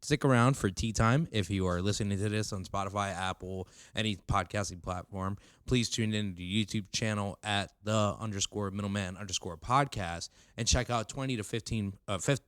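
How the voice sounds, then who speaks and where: A man with a lowish voice hosts a casual podcast, swearing freely and laughing often. The sound is dry and close on a condenser mic. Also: dry recording. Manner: loose and profane, laughs often. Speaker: podcast host. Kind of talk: casual chat.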